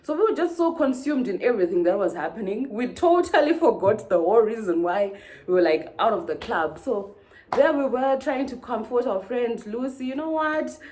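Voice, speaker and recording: A woman from Zimbabwe, telling a storytime vlog in an animated way and acting out the dialogue. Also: fairly high pitch, moderate pace, slight background noise. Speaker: vlogger.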